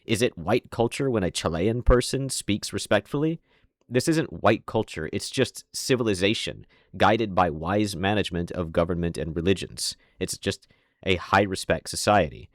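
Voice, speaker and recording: A man with a low voice and an American accent touched by a light Southern twang delivers a scripted commentary monologue. His tone is sardonic and opinionated, with wry asides. The recording is close and dry, with no room sound. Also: normal speed, no echo. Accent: American with a slight Southern twang. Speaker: online commentator.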